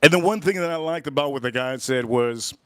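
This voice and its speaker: A man's voice: on the high side, fairly quick, fairly bright tone, clear, resonant tone, dry recording, clean studio sound. A man hosting a livestream, telling a story in a loose, chatty way. He repeats phrases and retells dialogue with "he goes" and "I go.". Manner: chatty and loose, with restarts and self-corrections. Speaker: livestream host.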